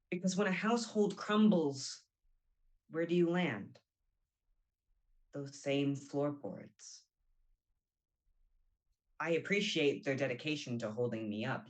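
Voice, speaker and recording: A woman's voice: a bass voice, low-quality recording. A young woman playing a bitter, abandoned young woman in a brooding stage monologue.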